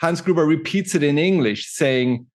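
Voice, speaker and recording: A man's voice: a little high, normal speed. A man, a native German speaker, hosting a casual movie club chat and rambling through his film theories with many restarts.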